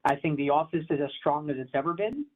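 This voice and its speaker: A man speaking as a commercial real estate advisor in a conversational interview, talking in an animated, emphatic, easygoing way. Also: on the high side, quick pace. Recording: tinny phone-like line.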